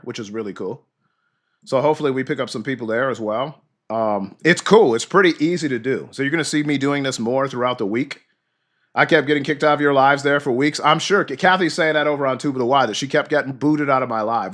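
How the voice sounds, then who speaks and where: A man's voice: medium pitch, a bit bright. A man hosting a livestream, ranting heatedly and cursing while thanking viewers by name. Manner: reads chat names and thanks viewers. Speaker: livestream host. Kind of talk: ranting political livestream chat.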